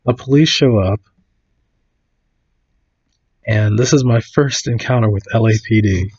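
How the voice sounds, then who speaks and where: A man's voice: on the low side, a little slow, darkish tone, breathy edge, lo-fi sound. A man casually telling a story, full of fillers and restarts, acting out other people's lines.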